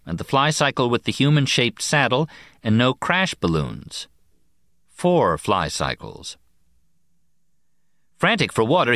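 A man narrating an audiobook in a very deep voice that still rises and falls with plenty of life. He reads in a measured way, slowing down on key words, and the recording is close and dry. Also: fairly bright tone, dry recording. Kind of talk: scripted narration.

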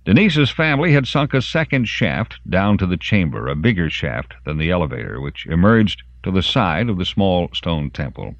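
A man narrating an audiobook in an expressive storytelling manner. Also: deep voice, no room sound. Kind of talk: scripted narration. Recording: dry, muffled lo-fi audiobook.

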